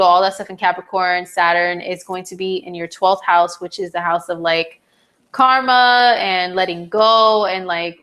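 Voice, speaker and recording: Woman astrologer host, casual live-stream delivery, chatty with filler words, slightly hoarse, mid-range voice. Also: mid-range voice, fairly bright tone. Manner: chatty, lots of "like" and "um", reads viewer comments aloud. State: slightly hoarse, clearing her throat.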